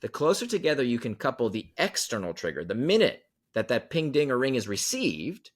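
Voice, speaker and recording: A man's voice: mid-range voice, big pitch swings, brisk. A man talking as a podcast guest, explaining ideas emphatically and repeating key phrases for effect. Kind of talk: animated storytelling explanation.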